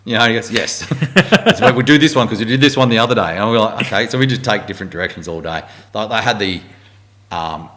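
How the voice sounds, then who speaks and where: Deep-voiced Australian man telling army stories. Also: fast. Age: middle-aged. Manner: blunt, swearing, animated storyteller. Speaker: guest, army warrant officer. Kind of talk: casual storytelling interview.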